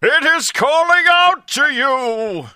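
A man voicing a grandiose forum user with loud, drawn-out proclamations. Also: very high-pitched, lively intonation, no room sound, clean studio sound, voice pushed up, exaggerated voice. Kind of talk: comedic forum post reading.

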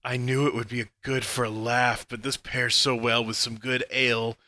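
Bright, slow-talking man on a dry mic. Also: mid-range voice, level tone, dry recording. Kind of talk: comic reading of a review.

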